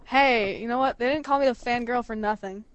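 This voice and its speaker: High-voiced giggly young woman on a call. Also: a little fast. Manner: giggly, animated storyteller doing voices of friends. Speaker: podcast co-host. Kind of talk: casual chat over a call. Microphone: computer mic on an online call.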